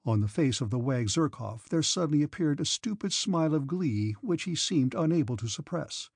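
A man narrating a classic novel as an audiobook in a steady, measured reading. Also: medium pitch, husky, no echo, clean studio sound.

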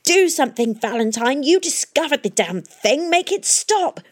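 A woman voicing a panicked old male engineer who wails in a high, strained voice. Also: lively intonation, moderate pace. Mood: desperate.

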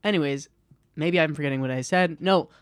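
A young adult podcast host in loose, casual chat who wanders through tangents and restarts sentences, laughing along the way. The voice sits at a middling pitch, and the sound is close and dry with no room around it. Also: a little fast, clean tone, no echo. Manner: rambling, trails off and restarts, laughs often.

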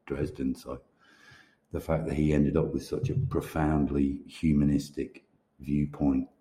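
Deep-voiced rambling man, echoey room. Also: level tone, a little slow, warm tone. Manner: rambling, swearing, laughing often. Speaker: podcast guest author. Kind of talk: casual chat.

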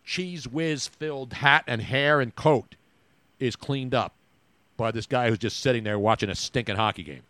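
A man's voice: mid-range voice, moderate pace, fairly bright tone, slight background noise. A man co-hosting a sports podcast, joking and rambling in casual chat. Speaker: podcast co-host.

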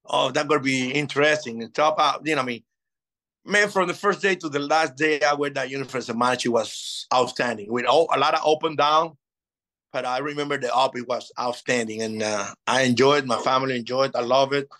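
A man in his fifties, a native Spanish speaker, telling lively stories in a casual interview and acting out old conversations. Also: mid-range voice, fairly quick, low-quality recording. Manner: animated, acts out past dialogue. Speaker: interview guest.

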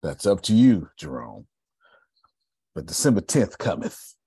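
Deep husky man preaching motivation. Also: sing-song, measured pace, warm tone, dry recording, studio quality. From Texas. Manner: preachy, emphatic storytelling. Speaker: company founder leading a group call. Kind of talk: motivational talk.

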